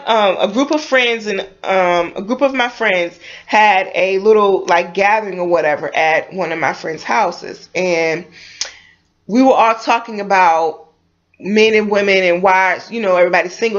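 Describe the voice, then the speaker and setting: A woman's voice: medium pitch, normal speed. A young woman vlogger giving a heated, preachy opinion monologue, blunt, with cursing and many rhetorical questions. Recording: slightly dull lo-fi sound.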